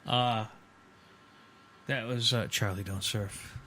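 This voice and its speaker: A man's voice: lowish voice, steady tone, takes it slowly, sharp tone. Man, podcast co-host, casual chat, rambling, lots of fillers, studio, faint background noise. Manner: rambling with many fillers and restarts.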